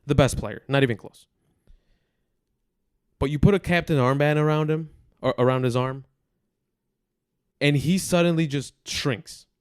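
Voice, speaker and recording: A man's voice: a little high, a little slow, long pauses, smooth, no echo, studio quality. A man in his twenties hosting a football podcast, bluntly venting his frustration and repeating points for emphasis. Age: 20s. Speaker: podcast host. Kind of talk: football commentary monologue.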